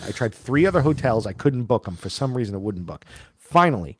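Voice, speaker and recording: A man tells a long story on a casual podcast. He is animated and acts out each person's lines as he goes. The sound is dry and close, with no room around it. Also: on the low side, moderate pace, dry recording. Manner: animated, acts out quoted voices. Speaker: podcast co-host.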